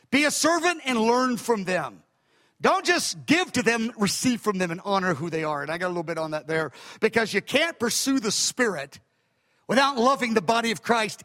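High, bright-voiced older male preacher. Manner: animated storytelling, emphatic. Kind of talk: sermon. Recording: echoey hall.

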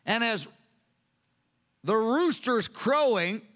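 A male pastor preaching a sermon with animated storytelling. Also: extremely high pitch, takes it slowly.

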